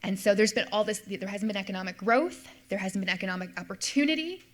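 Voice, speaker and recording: A woman's voice: medium pitch, expressive, fast. A middle-aged woman, a history professor, giving an explanatory lecture and repeating key points for emphasis. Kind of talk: lecture with slides.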